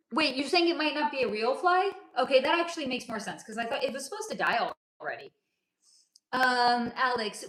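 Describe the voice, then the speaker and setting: A woman hosts a casual livestream and answers viewer comments one after another. Her voice is bright, forceful and sits a little high. She speaks bluntly and swears freely, and the room echoes around her. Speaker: livestream host.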